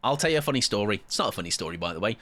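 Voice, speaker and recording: A man's voice: on the low side, sing-song, racing, fairly bright tone, no room sound. Tired, playful man streaming. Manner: playful, rambling, self-mocking. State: tired, sleep-deprived. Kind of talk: live gameplay commentary.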